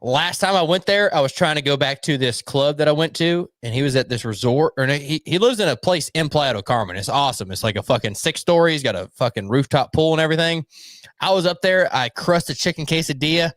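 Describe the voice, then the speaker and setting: A man's voice: on the high side, fast, a bit bright, dry recording. A young man co-hosting a podcast, telling a long rambling story in casual chat, swearing freely and acting out voices. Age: young adult. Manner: rambling, swears a lot, acts out voices in anecdotes. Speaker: podcast co-host.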